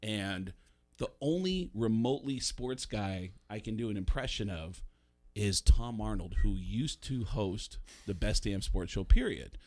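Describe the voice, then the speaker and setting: A man from the Bronx, a comedian and voice actor, telling stories as a radio guest in a lively way, slipping into voices. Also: lowish voice, measured pace. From the Bronx, New York. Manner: animated storyteller, slips into voices. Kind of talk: casual radio interview storytelling.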